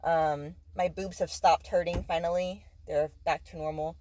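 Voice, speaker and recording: A woman's voice: lowish voice, fairly even intonation, unhurried, a little mellow, low-quality recording. A woman in her twenties, a teacher, chatting candidly in a casual vlog and sounding tired, with lots of fillers. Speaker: vlogger and teacher.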